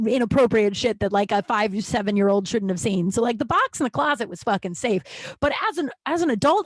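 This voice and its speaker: A slightly high-voiced woman in her thirties from Denver, USA, hosts a podcast where she tells profane, rambling comedic stories. She laughs at herself and has a runny nose, and the recording is dry.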